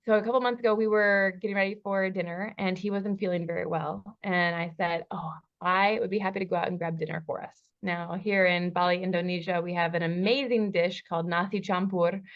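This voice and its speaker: A woman coach telling a lively personal story, acting out the dialogue in different voices and laughing often. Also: medium pitch, highs cut off. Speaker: relationship coach. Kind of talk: storytelling in a podcast interview. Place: lives in Bali.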